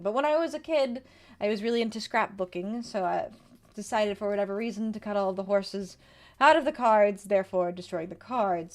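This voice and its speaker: Building a deck live, a young woman VTuber talks casually with her audience and reads the cards' text aloud. Her medium-pitched voice comes with slight background noise.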